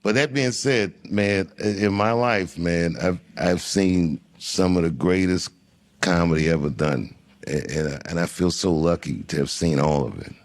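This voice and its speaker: Man, very low voice, gravelly, musing comedian, unhurried storytelling, interview guest. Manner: unhurried, musing, with frequent restarts.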